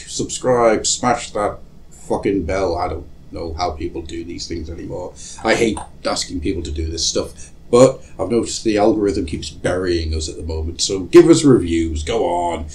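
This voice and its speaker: Man, podcast host, low voice, casual, self-mocking, swears a lot, faint noise behind. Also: a little mellow, poor audio.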